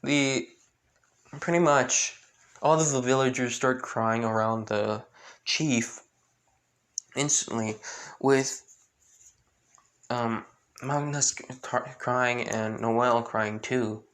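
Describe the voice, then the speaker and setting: A man's voice: mid-range voice, takes it slowly, long pauses, a bit bright. A man improvising fan-fiction narration, rambling, with many restarts. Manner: rambling, full of restarts and with-clauses. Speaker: fan storyteller.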